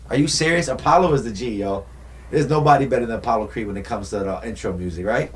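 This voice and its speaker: A young man vlogging in a casual, animated way, retelling movie scenes and acting out lines as he goes. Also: mid-range voice, fast talker. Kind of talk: casual movie-talk vlog.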